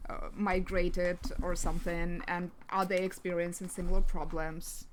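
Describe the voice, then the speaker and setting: A woman's voice: lowish voice, flat delivery, moderate pace, slight background noise. Hesitant woman playing a tabletop character. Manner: hesitant, with many fillers. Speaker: player.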